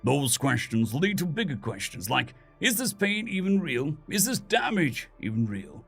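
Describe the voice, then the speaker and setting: A man voicing a defiant dead atheist who stays calm and coldly confident, asking one probing question after another. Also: on the high side, unhurried, gravelly, husky, faint music behind, full character voice.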